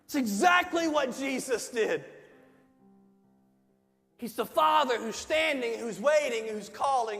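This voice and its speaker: Impassioned high-voiced male preacher. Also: lively intonation, slow, vocal fry, long pauses. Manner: impassioned, shouting, with rising emphasis. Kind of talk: sermon. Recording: reverberant hall with soft music.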